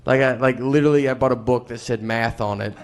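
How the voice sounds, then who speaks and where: A man from Tennessee, in his thirties, doing a rambling, deadpan, self-deprecating stand-up set on a theater stage. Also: mid-range voice, fast talker. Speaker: stand-up comedian. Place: theater stage with a laughing audience. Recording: live stage recording with clear noise.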